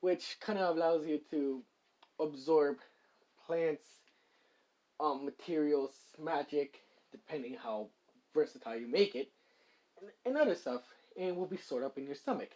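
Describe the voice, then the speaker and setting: A fan storyteller voicing a calm, all-knowing inner guide voice, explaining things in a matter-of-fact way with an everyday voice. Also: mid-range voice, measured pace, natural voice.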